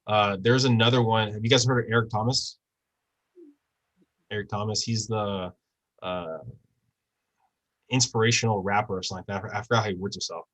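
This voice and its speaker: A man's voice: fairly low pitch, steady tone, moderate pace, long pauses, fairly bright tone, poor audio. A man giving a casual real estate training talk over a video call, often checking in with tag questions.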